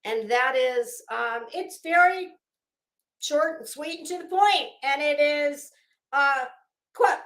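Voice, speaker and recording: A woman's voice: high-pitched, expressive, slow, a bit bright, echoey room. Chatty Southern woman greeting her chat. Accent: Florida Southern. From Florida, US. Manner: chatty, frank, swears freely, greets chat by name. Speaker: livestream host. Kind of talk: casual livestream chat greeting viewers.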